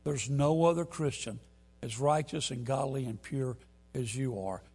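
A man preaching a sermon, telling a story and building to loud, emphatic peaks. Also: medium pitch, unhurried, slightly rough.

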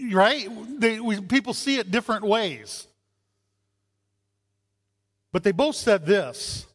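A man preaching a sermon as a pastor, animated, acting out voices in his stories. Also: high voice, unhurried. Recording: long hall reverb.

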